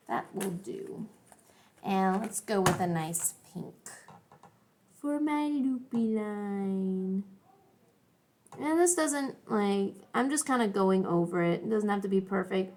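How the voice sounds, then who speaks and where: A young adult woman teaching an art lesson, chatty and encouraging, thinking aloud as she draws and colors. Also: mid-range voice. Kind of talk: classroom art lesson video.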